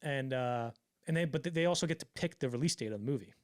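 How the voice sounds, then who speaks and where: Fast-talking profane male podcaster. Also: mid-range voice, no echo, clean studio sound. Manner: fast, profane, acts out quotes in voices. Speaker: podcast co-host. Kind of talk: casual podcast storytelling.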